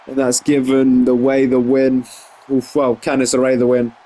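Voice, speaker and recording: A young man gives casual, excitable play-by-play on a wrestling video game, often saying "jeez" and correcting himself mid-sentence. His voice is mid-range at a normal speed, and the recording quality is low.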